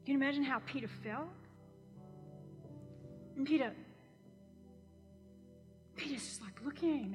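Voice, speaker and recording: A woman pastor preaching a sermon, telling a story with animated acted-out quotes. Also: a little high, big-room sound.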